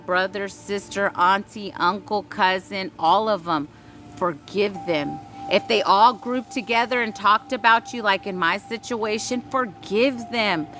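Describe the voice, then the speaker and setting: A woman's voice: medium pitch, a bit bright. A woman giving a spiritual message to her viewers, blunt and emphatic, swearing freely and repeating her points like a sermon. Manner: repetitive, preachy cadence. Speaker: spiritual reader.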